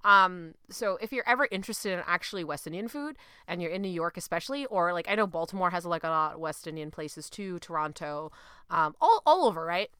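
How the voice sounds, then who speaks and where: A woman's voice: lowish voice, fairly quick, smooth, dry recording, clean studio sound. A young woman hosting a podcast, chatting casually and laughing often as she tells food stories. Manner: lively, laughing, mimics her mom's voice. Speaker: podcast host.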